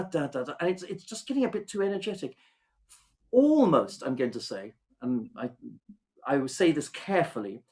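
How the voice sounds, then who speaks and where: A man teaching an online singing masterclass over a video call, gentle and thoughtful, searching for words and humming rhythms to demonstrate. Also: a little high.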